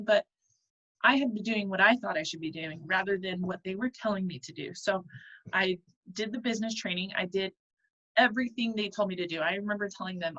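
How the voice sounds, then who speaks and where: A woman's voice: mid-range voice, fairly quick, fairly bright tone. A woman in her thirties hosting a mastermind call, earnest and chatty, with lots of ums and uhs. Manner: earnest and chatty, with many fillers. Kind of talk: casual motivational talk. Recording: slightly dull, lo-fi call audio.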